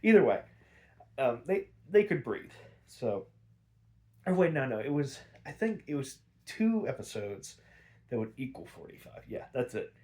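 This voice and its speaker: A man's voice: mid-range voice, very animated, a little slow, dark tone. A man hosting a podcast, casually recapping an episode in a rambling way with lots of fillers and easy swearing. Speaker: podcast host.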